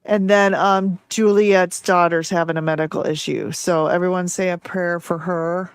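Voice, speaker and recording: A woman's voice: fairly low pitch, steady tone, moderate pace, smooth, dry recording. A middle-aged woman hosting a casual interview, chatty and rambling, laughing as she tells stories. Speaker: host.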